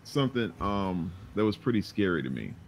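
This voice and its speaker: A man's voice: low voice, fairly quick. A man co-hosting a casual movie podcast who exclaims and swears as he reacts. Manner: animated, profane, exclaiming. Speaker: podcast co-host.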